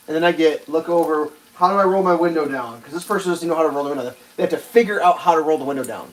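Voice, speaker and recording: A man spins a long, meandering story for his livestream audience while he cooks. His voice sits a little higher than most men's, and he swears freely as he goes. He keeps jumping into loud, acted-out bits of the scene he is describing. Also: rough recording. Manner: rambling, swears, acts out quotes loudly. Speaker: livestream host. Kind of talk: casual storytelling while cooking.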